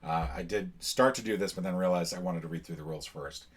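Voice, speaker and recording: A man hosting a casual solo board game playthrough, explaining in a relaxed way with many filler sounds. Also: low voice, quick pace, slightly rough. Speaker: board game channel host.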